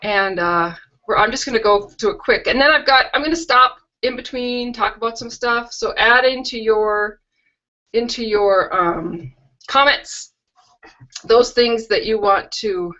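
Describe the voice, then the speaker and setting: A chatty middle-aged woman hosts a live craft stream from home, drifting into rambling asides. Her voice sits a little high and sounds crisp and bright, though the webcam call audio comes through dull and lo-fi. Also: unhurried. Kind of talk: casual live-stream chat and product tour. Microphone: video call webcam.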